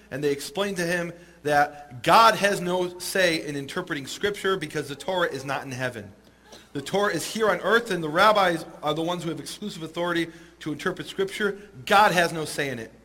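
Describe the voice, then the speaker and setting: A man telling a story in an animated, amused way to a listening audience. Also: fairly high pitch, fairly quick. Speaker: speaker. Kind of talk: storytelling talk.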